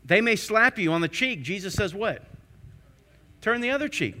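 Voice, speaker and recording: A man preaching a sermon. He keeps asking the congregation rhetorical questions, building to emphatic peaks before dropping low again. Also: sing-song, moderate pace, sharp tone.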